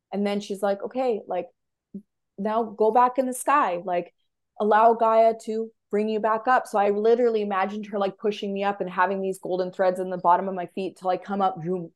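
Animated woman telling a story. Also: medium pitch. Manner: animated, filler-heavy, emotional. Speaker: podcast host. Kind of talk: casual storytelling.

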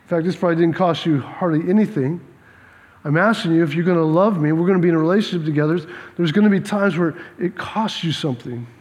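A man voicing God as a calm, firm figure who patiently corrects a man, speaking low and quietly. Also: fast talker, natural voice. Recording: long reverb of a large hall.

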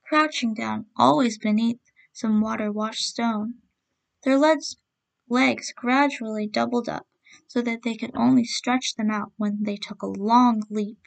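Gravelly-voiced woman reading a story. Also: fairly high pitch, fairly even intonation. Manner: gentle, measured reading aloud. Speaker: storyteller host. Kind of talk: scripted storybook narration.

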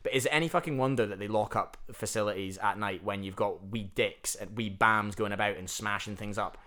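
Sweary Scottish man, low voice. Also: a little fast, sharp tone. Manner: sweary, rambling, laughs easily. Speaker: podcast co-host. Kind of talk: casual chat.

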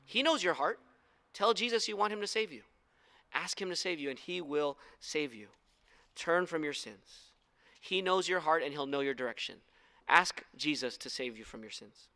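Bright-voiced preacher, man. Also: a little high. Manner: earnest, direct appeals to listeners. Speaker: pastor. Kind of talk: sermon with storytelling.

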